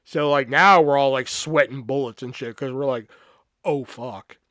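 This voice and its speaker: Casual male storyteller, swears a lot, mid pitch, dry close sound. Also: moderate pace, no room sound. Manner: profane, animated, acts out quoted voices. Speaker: podcast host.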